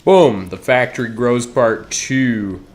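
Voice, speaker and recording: A man's voice: medium pitch, unhurried. Male streamer, casual rambling chat with viewers, frequent restarts. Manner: rambling, self-interrupting, talks straight to chat.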